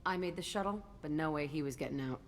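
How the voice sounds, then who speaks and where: A woman's voice: low voice, fast, long reverb tail, slight background noise. A woman voicing a hardened, bitter young woman fighter in video game dialogue, blunt, curt and defiant.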